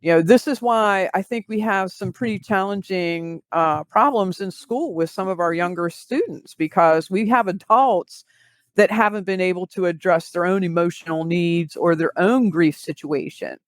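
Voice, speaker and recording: A woman guest, a grief recovery specialist, explaining in measured interview talk with vivid everyday examples. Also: lowish voice, dry recording.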